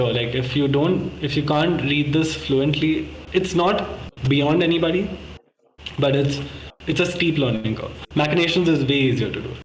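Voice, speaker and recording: A man's voice: on the high side, a little hiss or hum. Chatty man on an echoey call. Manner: rambling, self-correcting, many fillers. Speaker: course participant presenting a model. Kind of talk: casual screen-share walkthrough.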